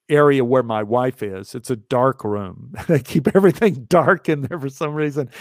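A man's voice: mid-range voice, darkish tone, dry recording, clean studio sound. A middle-aged man telling a personal story, wry and self-mocking, acting out other people's lines with big jumps in his voice.

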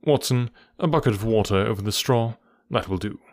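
A man reading a calm, dryly amused detective. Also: on the low side, no room sound, clean studio sound, close to an everyday voice. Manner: measured, dryly amused, composed.

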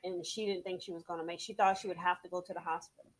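A middle-aged woman in a casual discussion, telling a story in a measured, earnest way and often saying "you know". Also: lowish voice, flat delivery, poor audio. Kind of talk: casual chat.

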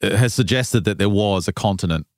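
A man hosting a casual talk show, retelling a strange tale in an animated way with frequent laughs. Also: fairly low pitch, brisk, no echo, studio quality. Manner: animated retelling, laughs often, loose fillers. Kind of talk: casual storytelling chat.

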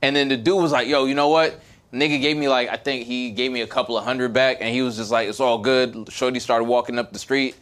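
A young man talks in a middle-pitched voice, spinning a story with plenty of energy. He slips into louder, heated bursts as he acts out an argument. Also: a little fast. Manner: animated storyteller, gets loud and heated when retelling the fight. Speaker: podcast co-host telling a story. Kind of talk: casual storytelling chat.

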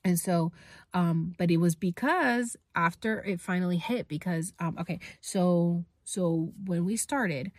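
A woman with a lowish voice tells a personal story in loose, candid vlog talk, full of restarts and fillers. She swears emphatically now and then. The sound is close and dry. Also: a little slow, no echo. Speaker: vlogger.

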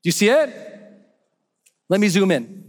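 A man telling a story as a motivational speaker, animated and acting out scenes with shouts and sound effects, presenting to an audience with slides. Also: high voice, normal speed. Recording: roomy hall reverb with faint noise.

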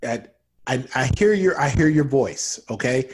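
Male improviser, mid pitch, quick pleading director bluster. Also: lively intonation, a little hiss or hum. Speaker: comedy podcast improviser. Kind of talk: improv comedy scenes.

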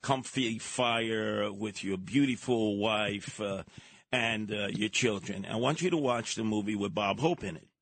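A man's voice: lowish voice, unhurried, vocal fry, fairly bright tone. An older man, a combative guest on talk radio who tells stories with theatrical flair.

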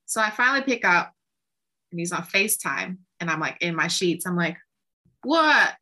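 A woman with a bright, forceful voice tells her story in a relaxed interview. She talks casually and animatedly, slipping into quoted exchanges with lots of "like" along the way. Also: lowish voice, brisk. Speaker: songwriter and producer guest.

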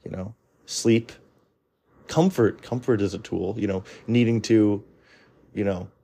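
A man's voice: fairly low pitch, fairly even intonation, unhurried, creaky, mellow, husky. A man giving a blunt, rambling monologue of advice, full of restarts and fillers. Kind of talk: casual opinionated monologue.

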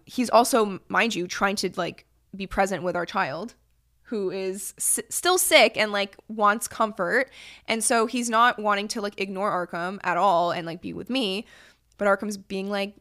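Animated young woman telling stories. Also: mid-range voice, normal speed. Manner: animated storyteller, acts out quotes. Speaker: podcast co-host. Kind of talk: casual chat.

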